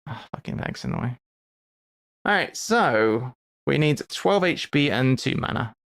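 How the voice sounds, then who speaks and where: Smooth-voiced man streaming a game. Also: mid-range voice, very animated, a little slow, fairly bright tone, no echo, clean studio sound. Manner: chatty, thinks aloud while playing; playful asides and mock lectures. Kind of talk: live gameplay commentary.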